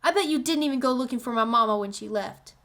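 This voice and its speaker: A woman voicing a stubborn, grieving girl of about ten in a read-aloud storybook, pitched high and pleading. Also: normal speed, close to an everyday voice. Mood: angry.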